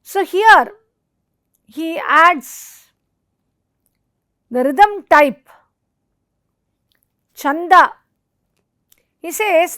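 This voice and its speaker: Slow, high-voiced woman lecturing. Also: expressive, pushed and bright, no echo, clean studio sound. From India. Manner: slow, deliberate, recites Sanskrit verses and terms. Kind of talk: educational lecture.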